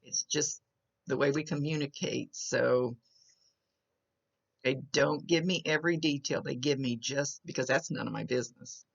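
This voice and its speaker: A woman's voice: a bass voice, moderate pace, creaky, highs cut off. A woman psychic medium talking through a reading to a client in a chatty way, describing what she sees as it comes, often restarting her sentences. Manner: chatty, describing visions as they come with restarts. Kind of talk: recorded reading monologue to a client.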